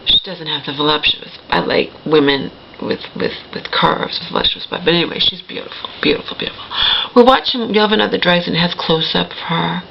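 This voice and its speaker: A middle-aged woman tells her own story to the camera, rambling and emphatic, with a gravelly, fry-laden voice. The recording is dull and lo-fi, with a faint hiss of noise underneath. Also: lowish voice, fairly quick. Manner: rambling, emphatic, repeats "okay?" and self-corrects. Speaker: vlogger.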